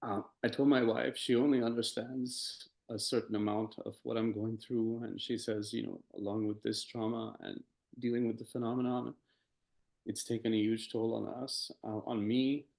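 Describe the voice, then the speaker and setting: A man, a podcast guest, telling a personal story in a halting, hesitant way with many pauses and restarts. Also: mid-range voice, flat delivery, creaky, darkish tone, low-quality recording. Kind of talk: personal testimony in conversation.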